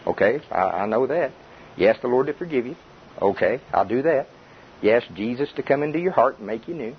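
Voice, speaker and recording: A man's voice: medium pitch, animated, a little fast. An older man preaching a chuckling, conversational sermon to a congregation. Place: church before a congregation. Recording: dull lo-fi tape with faint hiss.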